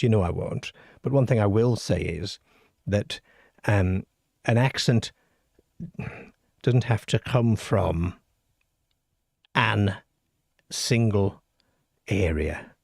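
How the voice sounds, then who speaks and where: Gravelly-voiced older male host, dry and close. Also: fairly low pitch, a little mellow, no room sound. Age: middle-aged or older. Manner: wry, self-deprecating, chatty with the live chat. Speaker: host of a late-night call-in paranormal show. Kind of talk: live-stream chat and reading out listener stories.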